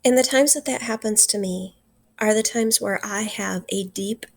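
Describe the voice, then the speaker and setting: Earnest gravelly-voiced woman teacher. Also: medium pitch, a little mellow. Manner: earnest, slows down for emphasis. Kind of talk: recorded literature lesson.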